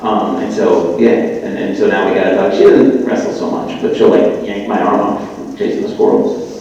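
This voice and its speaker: A man talks loosely as a guest on a live festival panel, circling back with fillers as he goes. His voice is mellow and dark. It reaches the mic from a distance, with a long hall reverb and dull lo-fi sound. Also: sits low, sing-song, normal speed. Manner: rambling, many "like" fillers and restarts. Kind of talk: casual live panel chat. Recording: echoey hall, far from the mic, lo-fi.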